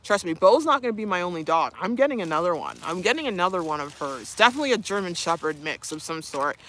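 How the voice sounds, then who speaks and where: A woman's voice: lowish voice, sing-song, fast talker, few pauses, fairly bright tone. A young woman streaming live, chatting casually, reading viewer comments, laughing often and cooing to her dog. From Canada.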